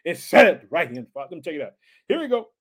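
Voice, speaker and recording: Excitable high-voiced preacher man. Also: slightly rough. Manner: excitable, repeats catchphrases, drawn-out emphatic reading. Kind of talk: energetic Bible teaching.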